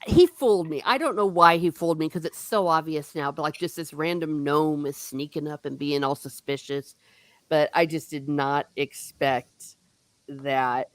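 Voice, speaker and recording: Excitable woman gushing over a book, dry sound. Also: sits low, normal speed, dry recording. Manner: excitable, gushing retelling of the plot. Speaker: book discussion host. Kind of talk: casual book chat.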